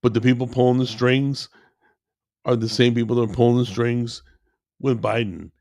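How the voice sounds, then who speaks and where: A man's voice: mid-range voice, steady tone, moderate pace, a little mellow, no room sound, studio quality. A man giving a heated political rant to his listeners, worked up and repeating himself. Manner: worked up, repetitive, addresses listeners as guys. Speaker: commentator.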